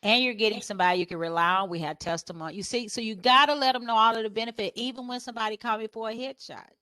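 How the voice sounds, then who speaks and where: A woman photographer sharing business advice on a panel. She tells stories and acts out her customers' questions in a higher voice, laughing often. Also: rapid-fire, dry recording, studio quality. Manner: lively storyteller who acts out customers in a higher voice; laughs often while talking.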